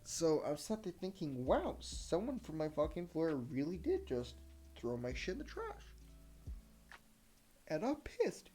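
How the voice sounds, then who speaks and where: Young male podcast host, swears a lot while venting, soft music underneath. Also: a little high, wildly swooping pitch, normal speed. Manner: heated, profane storytelling. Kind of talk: solo podcast rant.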